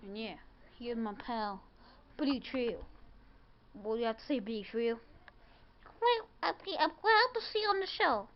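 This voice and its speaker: A woman's voice: fairly high pitch, lively intonation, unhurried, long pauses. A woman voicing a cheerful cartoon bird who rambles as he introduces his friends to viewers, in a muffled home video. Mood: chatty.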